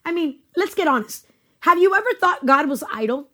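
A woman's voice: sits high, lively intonation, a little fast, bright, forceful tone. A woman preaching to viewers, earnest, full of rhetorical questions, rising and speeding up when she voices a questioning prophet. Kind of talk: sermon to a video audience.

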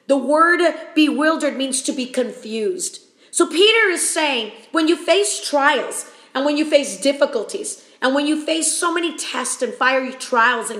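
High-voiced emphatic woman preacher. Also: fairly bright tone, echoey room. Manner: emphatic and repetitive, acts out panicked questions. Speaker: podcast preacher. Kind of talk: sermon teaching.

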